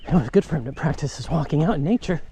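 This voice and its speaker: A man with a somewhat high voice films himself on an outdoor nature trail with a handheld phone. He talks candidly and reflectively, spurring himself on as he walks and jogs. Faint noise sits behind his voice. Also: animated, very fast, warm tone. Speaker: bereaved father vlogging. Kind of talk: candid walking-and-jogging vlog.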